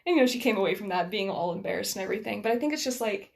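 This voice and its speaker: A woman's voice: medium pitch, expressive, very fast, vocal fry, a little mellow. An American woman whose accent carries a slight Scottish influence, chatting casually as a guest, full of fillers and restarts. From United States. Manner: chatty, self-deprecating, many fillers and restarts. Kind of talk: casual conversation.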